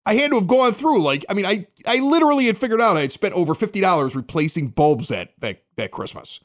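A middle-aged man from the Chicago area hosting a local podcast, telling a story casually and acting out the quotes. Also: quick pace. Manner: animated, acts out quotes with big pitch jumps. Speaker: podcast host.

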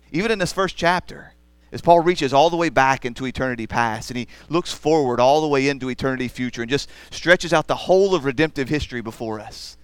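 Earnest man preaching, smooth dry voice. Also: medium pitch, a bit bright, no room sound. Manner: earnest, builds to emphatic preaching. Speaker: pastor. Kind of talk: sermon.

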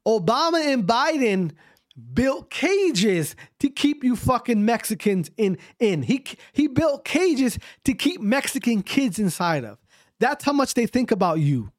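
A man's voice: very high-pitched, sing-song, measured pace, no room sound, clean studio sound. A man hosting his own podcast, speaking in an emphatic, repetitive and profane rant. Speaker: podcast host.

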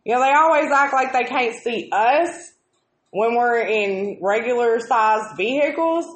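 Co-hosting a live video chat, this woman speaks unhurriedly in a voice on the high side. Her casual storytelling is full of constant swearing and exasperated rants, and the recording has a roomy echo.

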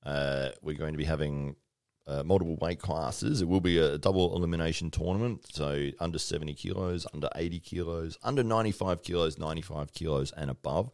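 A man's voice: very deep voice, brisk, a little mellow, no room sound, clean studio sound. An Australian man co-hosting a casual podcast, laughing often and using lots of fillers. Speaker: podcast co-host. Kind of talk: casual chat.

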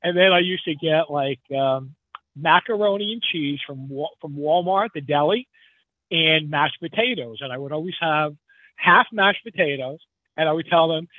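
A man talks in a loose, rambling way, laughing often as he goes. His voice sits a little high. The line is thin and tinny like a phone call, with no room sound. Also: moderate pace, no echo. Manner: rambling, chatty, laughs easily. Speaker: guest truck driver. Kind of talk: casual podcast chat.

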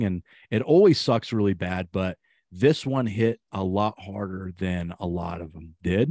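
Low-voiced podcast host guy, dead dry sound, earnest, does little voices for quotes. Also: no echo. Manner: earnest, animated, acts out quotes. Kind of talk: casual podcast chat.

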